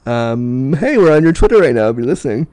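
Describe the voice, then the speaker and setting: Frank, laughing man, easygoing podcast chat, middle pitch, candid and funny. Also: very animated, fast talker, darkish tone. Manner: frank, joking, laughs often. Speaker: disability sex educator.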